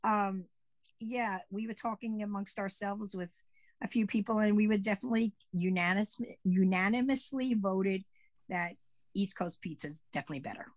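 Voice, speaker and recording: A woman co-hosting a podcast in casual chat, explaining pagan holidays at a relaxed pace with many fillers. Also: medium pitch, normal speed, no room sound. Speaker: podcast co-host.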